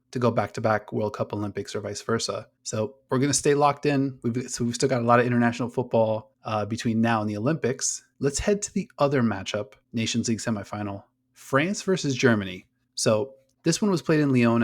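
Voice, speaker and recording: A man's voice: medium pitch, a little fast, few pauses. A man co-hosting a casual women's soccer podcast, enthusiastic, swearing freely and rattling off player names. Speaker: podcast co-host. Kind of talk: casual sports chat.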